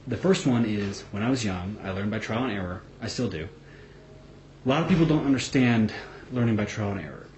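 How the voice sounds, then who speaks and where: Blunt low-voiced man vlogging in an echoey room. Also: a little mellow. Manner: blunt, swears freely, many fillers and restarts. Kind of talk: casual talking-head vlog. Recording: echoey room with faint background noise.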